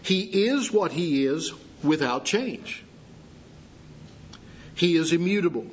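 A man preaching a sermon, teaching slowly and deliberately with pauses for emphasis. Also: a little high, animated, a little hiss or hum. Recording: dull lo-fi sound.

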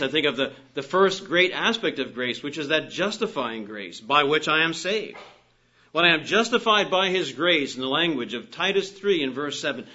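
A man preaching a sermon, earnest and emphatic, lifting his voice on key phrases and dropping soft at the ends of sentences. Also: a little high. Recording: dull lo-fi recording.

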